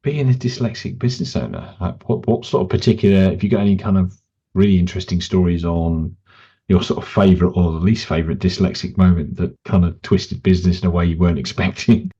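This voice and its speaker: A man's voice: deep voice, fast talker, mellow, breathy edge. A man hosting a podcast who asks long, rambling questions with a hesitant, easygoing manner. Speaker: podcast host. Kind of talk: conversational interviewing. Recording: dull lo-fi sound.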